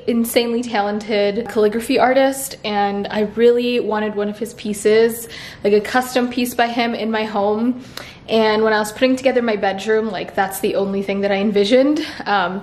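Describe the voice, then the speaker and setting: A young woman vlogging casually from home, bubbly and excitable, sometimes softly emotional. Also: medium pitch, echoey room. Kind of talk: casual vlog chat. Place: at home, bedroom and kitchen.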